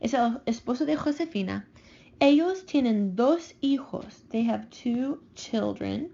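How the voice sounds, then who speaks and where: A woman teacher calmly talking students through vocabulary slides, slowing down on new words. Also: fairly high pitch, creaky, highs cut off. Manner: patient, slows down for vocabulary. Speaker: Spanish teacher. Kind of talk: recorded classroom lesson over slides.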